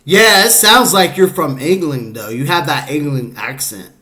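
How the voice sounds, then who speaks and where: A male podcast host with a high, bright, forceful voice talks at a moderate pace. The conversation is casual and loose, and he rambles with plenty of fillers.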